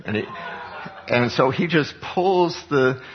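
Animated male pastor, dull lo-fi recording. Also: slow pace. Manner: animated storytelling, voice jumping high for acted quotes. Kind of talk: sermon.

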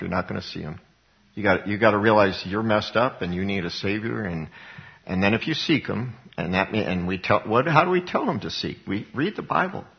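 A middle-aged man preaching a sermon, telling a personal story with lively swings up into high exclaimed passages. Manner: animated storytelling, voice jumping high for acted quotes. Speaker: pastor. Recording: dull lo-fi recording.

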